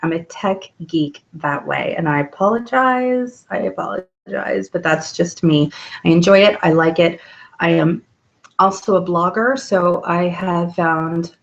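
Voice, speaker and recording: A woman's voice: lowish voice, steady tone, unhurried, muffled recording. A woman hosting a weekly live video hangout from home at night, chatting in an upbeat way with many ums. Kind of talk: casual live webcam talk. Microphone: laptop webcam mic.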